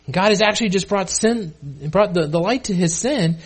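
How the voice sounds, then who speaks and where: A man's voice: high-pitched, normal speed, few pauses. A male pastor delivering a sermon in a casual, conversational way, often repeating and restarting words.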